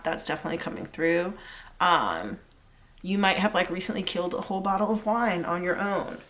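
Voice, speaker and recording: A woman's voice: fairly low pitch, fairly bright tone. A woman giving a casual pick-a-card tarot reading, chatty and rambling with lots of fillers. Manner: chatty and rambling, many fillers, sings snatches of lyrics. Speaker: tarot reader.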